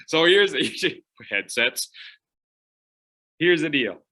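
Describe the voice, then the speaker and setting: A man coaching public speaking in an online workshop, playful, with dramatic pauses, swinging from loud to hushed. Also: on the high side, animated.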